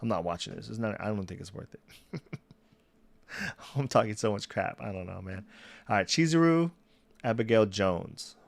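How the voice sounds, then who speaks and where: A man's voice: lowish voice, moderate pace, creaky, pauses often, dry recording. A young man chatting casually on a solo livestream, rambling, restarting sentences and laughing at himself. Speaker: streamer. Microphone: desk mic.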